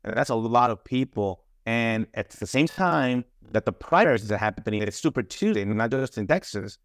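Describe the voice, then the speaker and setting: A man's voice: medium pitch, lively intonation, moderate pace, dry recording. A man with a mid-range voice tells his stories as an interview guest, pressing his points hard and often circling back over his own words. The sound is dry and close, with no room around it. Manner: emphatic storyteller, repeats words and restarts. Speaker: guest, former trafficking investigator. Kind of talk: interview conversation.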